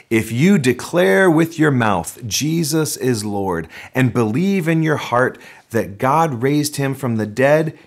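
A male pastor preaching a sermon in a lively, conversational way, his voice climbing on the points he stresses. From North America. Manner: animated preaching, pitch rising on emphasis.

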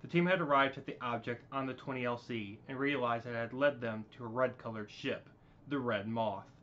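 A man's voice: mid-range voice, moderate pace, pushed and bright, a little hiss or hum. Stumbling man reading a homemade story. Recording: dull lo-fi recording.

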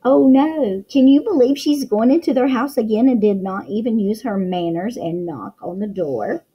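A woman's voice: a little high, moderate pace, husky, dull audio. A woman teacher reading a picture book aloud to young children, full of exclamations and questions to the listener.

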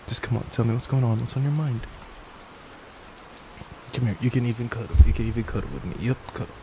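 A young man in a whispered role-play as a boyfriend, gentle, affectionate and reassuring, speaking into a desk microphone at home. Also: medium pitch, fairly even intonation, fast talker, noisy background. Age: young adult. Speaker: ASMR creator. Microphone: desk microphone at a gaming setup.

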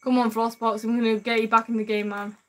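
A woman's voice: on the high side, level tone, quick pace. A woman streaming gameplay live, chatting with viewers in an upbeat way and calling them man and bro. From United Kingdom.

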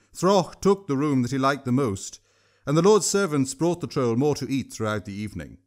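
A man narrating his own audiobook story in a steady storytelling manner. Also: mid-range voice. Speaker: author and narrator.

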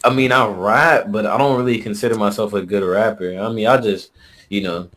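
A man's voice: lowish voice, fairly even intonation, a little fast, fairly bright tone, a little hiss or hum. Laid-back slangy guy with hiccups. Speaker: stranger on video chat. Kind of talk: casual chat. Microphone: video call.

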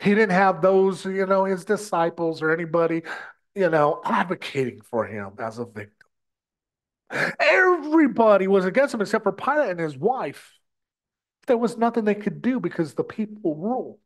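A man's voice: high voice, very animated, moderate pace. Male preacher, heated sermon delivery with stumbles and repeats, voice rising and falling a lot. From United States. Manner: impassioned, repeats words, addresses brothers and sisters.

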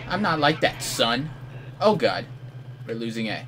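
A man giving live commentary over his own online shooter match, excitable and mock-outraged, trash-talking opponents. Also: medium pitch, unhurried, music in the background. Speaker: gameplay commentator.

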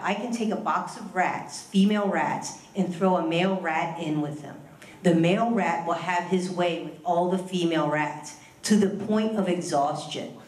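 A woman's voice: fairly low pitch, darkish tone. A woman giving a casual live talk about the science of love to an audience, chatty and storytelling. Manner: chatty, tells stories with acted quotes. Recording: echoey room.

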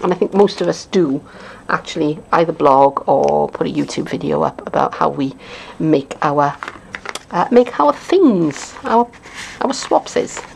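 A woman's voice: low-pitched, animated, measured pace, creaky, darkish tone, a little hiss or hum, poor audio. A middle-aged woman with a Welsh accent, chatting casually as a craft demonstrator, rambling along with lots of fillers and little chuckles. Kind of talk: casual unboxing chat.

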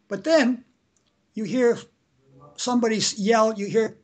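A man, a family lawyer, answering interview questions casually and acting out examples, often restarting his sentences. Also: sits high. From Canada. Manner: acts out shouted examples, halting restarts.

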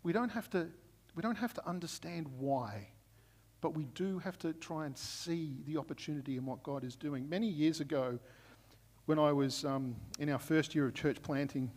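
Male pastor, higher-pitched and chatty, who keeps checking in with the room while he preaches a sermon, heard with a long echo in a church hall. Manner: conversational storytelling, frequent "right?" check-ins.

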